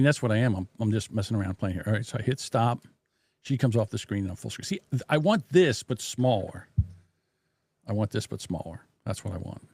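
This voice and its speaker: A man hosting a casual live stream from his home desk, muttering to himself as he fiddles with the software and making blunt, profane jabs. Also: fairly low pitch, gravelly, slightly rough. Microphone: desk microphone.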